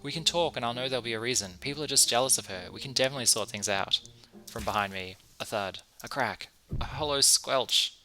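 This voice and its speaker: A man's voice: medium pitch, quick pace, pushed and bright, soft background music, rough recording. A man reading a visual novel aloud, mixing the narration with amused asides about what he sees on screen. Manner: reads narration then breaks off for amused asides. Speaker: streamer playing a visual novel.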